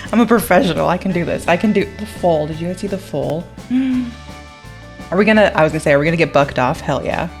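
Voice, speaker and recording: A woman's voice: mid-range voice, moderate pace, darkish tone, soft background music. A young woman YouTuber reacting to a game trailer in a bubbly, chatty way, gasping and giggling as she talks. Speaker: gaming YouTuber.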